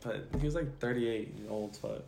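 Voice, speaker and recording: A man's voice: on the low side, fairly quick, creaky. A young man chatting casually as a podcast co-host, laid-back and profane, often answering in short replies. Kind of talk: casual chat. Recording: echoey room with faint noise.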